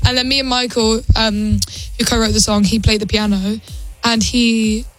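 A woman's voice: a little high, little pitch movement, normal speed, soft background music. A woman singer-songwriter talking casually in a radio interview, chatty and full of fillers and restarts.

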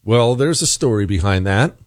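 A man's voice: fairly low pitch, lively intonation, normal speed, no echo, clean studio sound. A man hosting a talk radio show, delivering an emphatic monologue full of rhetorical questions.

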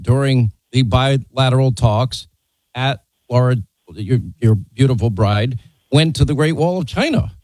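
A man's voice: medium pitch, expressive, moderate pace, darkish tone, dry recording. A man hosting an interview, speaking in an assertive, pointed way. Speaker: host. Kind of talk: broadcast interview.

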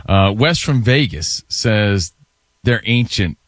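A man's voice: fairly low pitch, animated, takes it slowly, dry recording. A man hosting a sports radio show, leading the segment and reading listener comments in an easygoing way. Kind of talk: casual sports talk banter.

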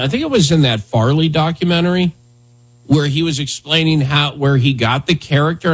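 A man's voice: medium pitch, slightly rough. A man hosting a casual talk show, rambling with many fillers and restarts. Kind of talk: casual talk radio chat.

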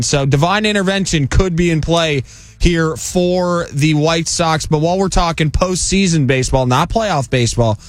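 A man in his twenties with a fairly high-pitched voice co-hosts a sports radio show, quick and jokey as he rattles off stats. It's casual sports banter captured on a studio mic in a radio studio, with no echo.

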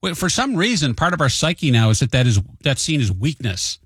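Hosting a talk show, a man tells stories in a casual monologue, raising his voice to act out quotes and confessing he's hot-headed. His voice is fairly high, husky and very animated, moving fairly quickly, recorded at studio quality with no echo.

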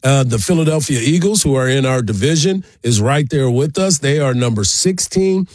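A man's voice: medium pitch, animated, moderate pace, darkish tone, no echo. A man hosting a morning sports radio show, running through promos and team stats in an upbeat way into a studio mic. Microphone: studio microphone.

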